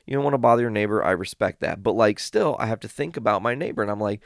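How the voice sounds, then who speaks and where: A man with a low, gravelly voice rambles through a story in casual, profane talk. He swears freely and gets animated as he retells it. The sound is close and dry, with no room echo. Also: fast, few pauses. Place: home studio.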